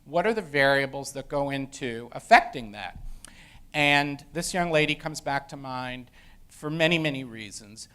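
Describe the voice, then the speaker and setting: A man's voice: mid-range voice, fairly bright tone, clean tone. A middle-aged man, an education professor, telling a story from his teaching days in a casual lecture style with many fillers and restarts. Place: university lecture room.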